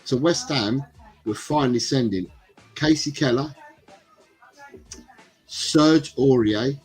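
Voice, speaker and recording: A man's voice: medium pitch, takes it slowly, a little mellow, slightly rough, faint music behind, poor audio. Rambling guy hosting a football stream. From England. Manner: rambling, reads out chat comments. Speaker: livestream host. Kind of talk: casual football chat.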